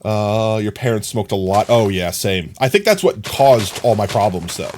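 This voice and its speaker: A man on a live stream chats casually with viewers, reading and replying to their comments while rambling through stories packed with fillers. His voice is lowish, animated, and slightly mellow at a moderate pace, with some background noise.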